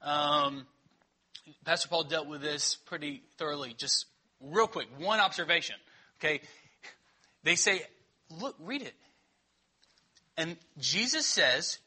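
Husky, bright-toned preaching man. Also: a little high, expressive, unhurried, pauses often. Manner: conversational teaching, checking in with the congregation. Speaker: pastor. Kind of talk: sermon.

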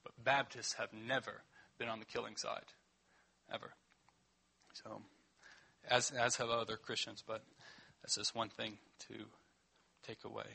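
A man's voice: lowish voice, little pitch movement, a little slow, creaky, long pauses, sharp tone, breathy edge. A man preaching a sermon as pastor, teaching in a conversational way and checking in with the congregation.

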